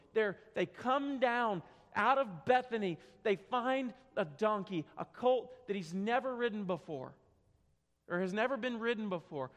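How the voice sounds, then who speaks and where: A man preaching a sermon, telling a story with dramatic swings from quiet to loud, in a church sanctuary. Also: extremely high pitch. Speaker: pastor. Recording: long hall reverb.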